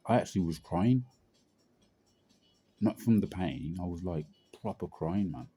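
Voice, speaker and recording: A man's voice: sits low, lively intonation, unhurried, warm tone, breathy edge. A young man telling a personal story in a rambling, slangy way with lots of fillers. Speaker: vlogger.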